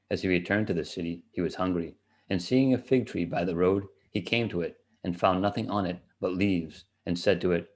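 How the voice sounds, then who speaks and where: A man giving a steady, measured reading of scripture aloud. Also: low-pitched. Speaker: scripture reader.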